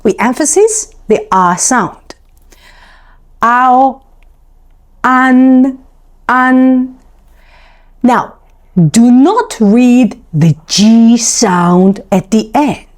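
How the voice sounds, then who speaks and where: Slow, deliberate woman teaching pronunciation. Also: a little high, animated, a little mellow. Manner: slow, deliberate repetition of syllables; explains patiently with small restarts. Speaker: language teacher. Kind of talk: pronunciation lesson.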